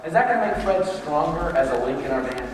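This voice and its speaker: A man giving a motivational leadership workshop, telling stories in an animated way and acting out the quotes himself, recorded from far off in an echoey room. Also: a little high, fast talker. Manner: animated storytelling, acts out quotes. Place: large room with tables, echoey. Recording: echoey hall from far off, faint ambience.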